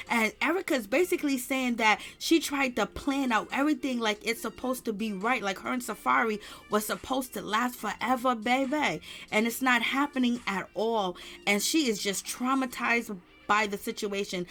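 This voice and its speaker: A woman's voice: fairly high pitch, normal speed, hardly any pauses, fairly bright tone. A woman giving casual celebrity gossip commentary, retelling the drama with emphatic repetition.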